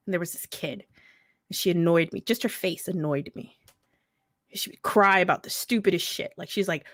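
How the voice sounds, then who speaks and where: A woman's voice: on the low side, steady tone, brisk, dry recording. Blunt, profane woman telling stories. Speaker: veteran speaker at a mental health event. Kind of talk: candid storytelling.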